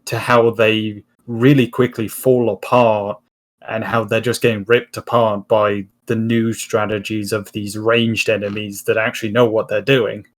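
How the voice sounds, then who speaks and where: Guy guest on a movie podcast, kinda low voice, slow and measured. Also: little pitch movement. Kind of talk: casual film review chat.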